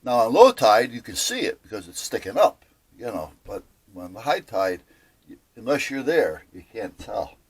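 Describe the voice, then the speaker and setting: A man's voice: on the low side, big pitch swings, moderate pace, husky. An older man casually telling a long story, rambling with fillers and correcting himself as he goes. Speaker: boat owner telling a story.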